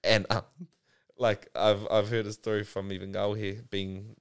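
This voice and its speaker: A man's voice: on the low side, level tone, clean tone. Easygoing New Zealand man chatting. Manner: easygoing, quick to laugh. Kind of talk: casual chat.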